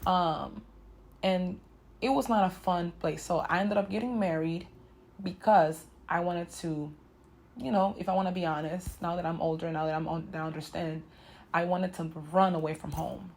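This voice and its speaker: Woman in her twenties, vlogger, candid and emotional, slightly low voice, speaks straight to her viewers. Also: steady tone, normal speed, a little mellow. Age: 20s. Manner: emotional, frank, talks straight to viewers with "y'all" and "you know". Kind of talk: candid personal story told to camera.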